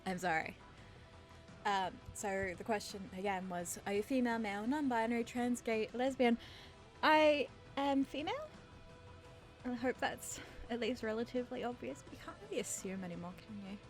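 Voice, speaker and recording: A woman's voice: fairly high pitch, normal speed, soft background music. A woman of thirty from Australia with an English-sounding accent, answering viewer questions in a nervous, self-deprecating, rambling way. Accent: English-sounding, from a British father. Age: 30s. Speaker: channel host. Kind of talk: nervous Q&A chat to camera.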